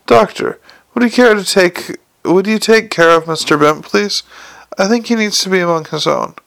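A man voicing a commanding male city ruler in an audiobook, with dry, precise, quietly menacing speech. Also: high-pitched, moderate pace, creaky, pitched above the performer's own voice. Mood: dryly courteous. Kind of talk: audiobook character reading.

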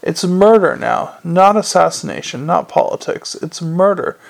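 A man voicing a gruff, weary police commander with a growling, clipped and forceful way of talking. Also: a little high, expressive, unhurried. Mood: angry.

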